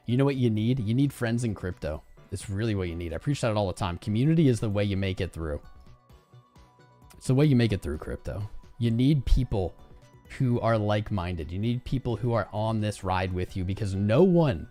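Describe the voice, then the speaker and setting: Slangy young man ranting on a livestream. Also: lowish voice. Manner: animated, slangy, talks to viewers as "guys" and "man". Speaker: crypto trading streamer. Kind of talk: casual livestream rant.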